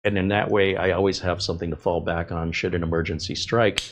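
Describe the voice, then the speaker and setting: A man's voice: sits low, steady tone, fast talker. A middle-aged man, a tech host, chatting casually and rambling off on tangents while he works on a computer build. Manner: rambling, conversational, with fillers and tangents. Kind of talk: casual chat while working.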